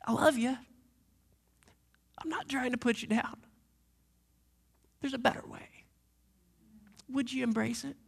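A man's voice: very high voice, fairly even intonation, measured pace, vocal fry, long pauses, husky. A man preaching a sermon as lead pastor, earnest and direct with his listeners.

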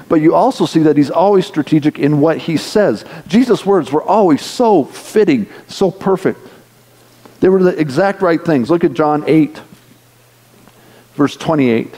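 A man delivers an earnest sermon and leads his congregation through prayer. His voice sits somewhat high yet sounds mellow and warm. A long reverb from a large church hall trails behind every phrase. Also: animated, moderate pace. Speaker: pastor.

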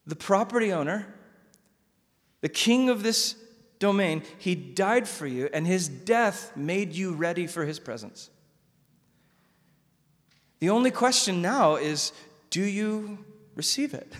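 A male pastor preaching a sermon in a conversational, animated way, often repeating words. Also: high-pitched, slow pace, pauses often. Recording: long hall reverb.

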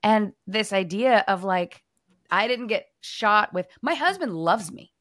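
Woman, young adult, podcast co-host, animated storyteller, medium pitch, dry recording. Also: unhurried, no room sound. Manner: animated storyteller, acts out quotes. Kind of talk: casual faith conversation.

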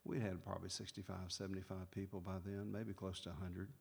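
A man's voice: sits low, little pitch movement, fairly quick, darkish tone. A man, a pastor, telling a personal testimony as a story in a folksy, conversational way, repeating phrases for emphasis. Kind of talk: spoken testimony told as a story. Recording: long hall reverb with clear guitar music.

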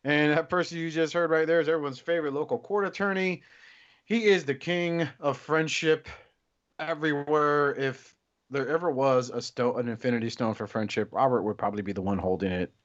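A man's voice: a little high, fairly even intonation, brisk. A man hosting a podcast, introducing guests with teasing jokes in casual chat. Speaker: podcast host. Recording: dull, slightly lo-fi audio.

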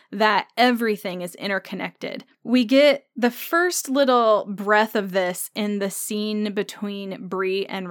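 A woman hosting a solo podcast, talking through her thoughts in a relaxed, conversational way. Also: mid-range voice, smooth, no echo, studio quality. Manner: thoughtful, conversational, thinking aloud with fillers. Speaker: podcast host. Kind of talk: solo podcast episode discussion.

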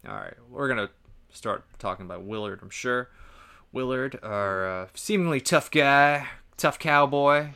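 A man's voice: mid-range voice, unhurried, gravelly, clear, resonant tone. A man co-hosting a casual podcast, reviewing films and laughing often. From US East Coast. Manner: animated, laughs often, mimics lines in raised voice. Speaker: podcast co-host. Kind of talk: casual movie-review chat.

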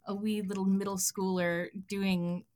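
A woman's voice: medium pitch, measured pace. Chill woman chatting, kinda hesitant, lots of ums. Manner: relaxed, hesitant with fillers. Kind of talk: casual chat.

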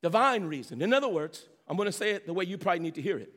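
A man preaching a sermon, animated, with rhetorical questions and repeated phrases. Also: high voice, rapid-fire. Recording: long reverb of a large hall.

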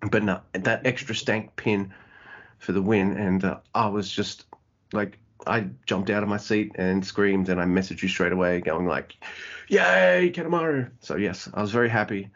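Man, podcast co-host, casual chat, excitable, swears a lot, muffled lo-fi sound. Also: sits low, normal speed. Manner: excitable, swears often, acts out wrestlers' lines. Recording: dull lo-fi audio.

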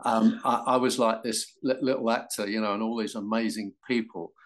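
An older English man, an actor guest, telling animated stories about his career and acting out quoted voices with frequent laughs. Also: fairly low pitch, fairly quick. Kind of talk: anecdotal interview.

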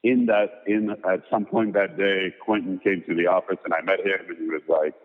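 A low-voiced man tells a long career story in a loose, rambling way, packed with "you know" and "like." The sound is thin and phone-like, with a long reverb trailing behind him. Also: steady tone, moderate pace. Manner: rambling, filler-heavy anecdotes. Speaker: guest, photographer and designer. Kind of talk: casual storytelling interview.

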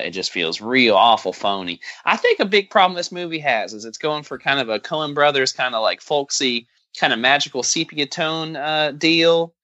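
A bright, forceful man from the American South jokes his way through a casual movie-review podcast, rambling and sarcastic. His voice sits close and dry on a slightly dull mic. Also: a little high, no echo. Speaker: podcast host.

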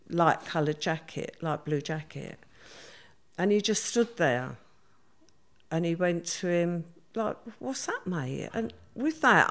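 Middle-aged woman, interviewee, low-pitched voice, brisk conversational storytelling. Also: creaky. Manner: vivid, hurried retelling with many quoted voices.

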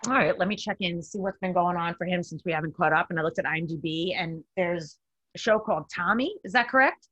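A woman hosting a casual chat, upbeat and quick to laugh. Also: fairly low pitch, a bit bright, breathy edge, no echo. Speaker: host.

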